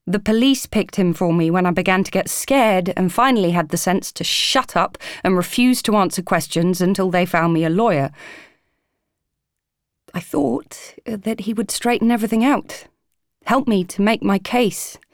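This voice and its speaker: A woman's voice: medium pitch, normal speed, no room sound, studio quality. A young woman narrating a first-person audiobook, earnest and pleading, emotionally raw.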